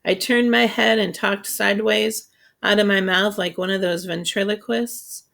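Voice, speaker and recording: A woman reading a children's novel aloud in a steady, unhurried storytelling voice. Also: mid-range voice, vocal fry. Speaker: audiobook reader. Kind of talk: scripted narration.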